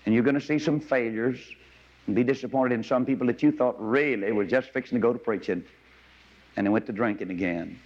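Preacher guy telling folksy stories, jumps up high when excited, dull old recording with long hall echo. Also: fairly quick. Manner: folksy storytelling, with sudden high excited bursts. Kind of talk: sermon.

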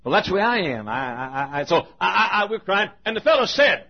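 Male pastor, emotional sermon storytelling; husky, raised pitch; lo-fi muffled recording. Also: sing-song, brisk. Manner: emotional storytelling with repetitions, shifting volume. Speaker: preacher.

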